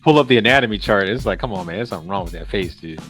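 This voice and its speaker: A man's voice: fairly low pitch, animated, very fast, fairly bright tone, soft background music. A man hosting a casual reaction stream, joking and sounding incredulous as he laughs often.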